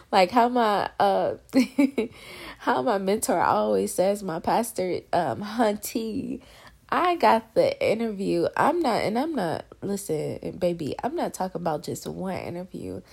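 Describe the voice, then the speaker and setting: A woman's voice: mid-range voice, vocal fry, slightly rough. A young woman in her twenties sharing a faith testimony in a casual devotional talk, talking straight to listeners and near tears at times. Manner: emotional, on the verge of tears; conversational, addresses listeners as y'all.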